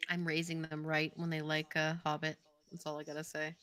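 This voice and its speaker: A woman's voice: low-pitched, completely flat delivery, fairly quick, a bit bright, clean tone, no room sound. A young adult woman co-hosting a casual stream, chatty and giggly, often saying "like". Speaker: co-host of game development stream. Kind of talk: casual chat.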